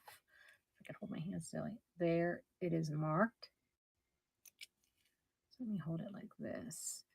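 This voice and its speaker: A middle-aged woman running a casual live auction, chatty and somewhat hoarse as she loses her voice. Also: lowish voice, no echo. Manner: chatty, describes items warmly with soft laughs. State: losing her voice. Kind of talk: casual live-stream selling.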